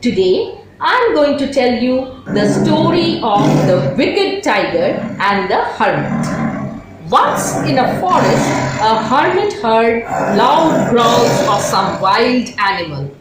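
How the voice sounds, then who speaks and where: A woman teacher with an Indian English accent, telling a children's story slowly and expressively. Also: fairly high pitch, wildly swooping pitch, over loud music. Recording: very echoey room, distant mic, loud noise.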